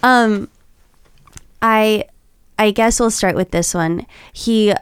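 A woman's voice: medium pitch, takes it slowly, smooth, no room sound. A young woman comedian on a podcast, chatty and giggly as she tells dating stories in a studio. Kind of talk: casual chat, telling dating stories.

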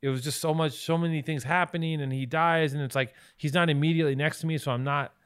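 A man's voice: fairly high pitch, steady tone, fast talker, fairly bright tone, clear, resonant tone, no room sound, clean studio sound. A man co-hosting a podcast in casual chat, profane and joking. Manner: profane, joking, puts on silly voices. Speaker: podcast co-host. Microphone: studio microphone.

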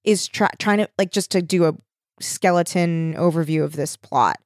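A woman's voice: fairly low pitch, normal speed, dry recording, studio quality. A woman co-hosting a casual book podcast, talking hesitantly with many filler words as she searches for words. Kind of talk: casual chat.

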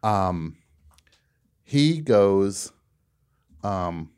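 A man hosting a radio show, telling a comic story in a casual, animated way and laughing at his own punchlines. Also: low voice, drawn-out words, smooth.

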